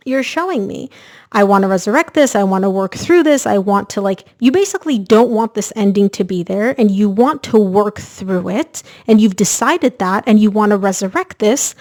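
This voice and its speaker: A woman with a fairly high voice reads tarot cards for her viewers. She talks in a chatty, energetic way and speaks straight to the audience. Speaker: tarot reader. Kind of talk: casual tarot reading to camera.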